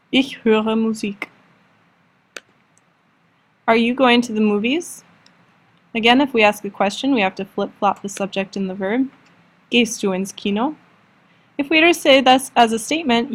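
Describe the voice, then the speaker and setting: A woman teacher giving a recorded lesson, patiently explaining and slowing down for example sentences. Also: mid-range voice. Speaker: language teacher.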